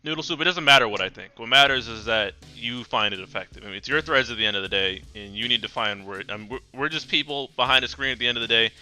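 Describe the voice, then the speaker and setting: A man's voice: mid-range voice, quick pace, few pauses, sharp tone, soft background music. A man hosting a casual gaming rant chat, joking, swearing and stammering through restarts. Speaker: podcast host.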